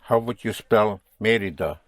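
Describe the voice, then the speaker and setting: A man's voice: on the low side, moderate pace, no echo. A man teaching a language lesson, patiently quizzing his students and explaining rules. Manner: patient, drilling students with questions.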